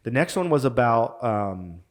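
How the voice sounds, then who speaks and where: Man, podcast guest, casual storytelling, animated, acts out quotes. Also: medium pitch, measured pace. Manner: animated, acts out quotes, says "dude" a lot.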